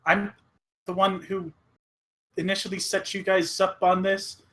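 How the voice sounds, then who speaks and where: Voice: mid-range voice, little pitch movement, measured pace, a bit bright, lightly acted. A player voicing an odd, meddling time-travelling waiter, rambling and stumbling over words. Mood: meddling cheerful. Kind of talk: improvised tabletop role-play.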